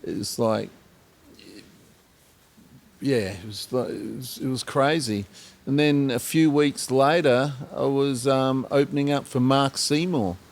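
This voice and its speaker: An Australian man, a singer-songwriter guest, telling rambling anecdotes with many pauses and acted-out quotes. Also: medium pitch. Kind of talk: storytelling in a podcast interview.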